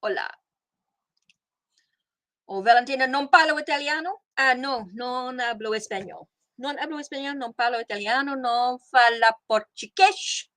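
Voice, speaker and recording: A woman's voice: sits high, normal speed, fairly bright tone. A middle-aged woman hosting a casual live tarot stream, rambling as she greets viewers and answers their comments. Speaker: tarot reader hosting a livestream.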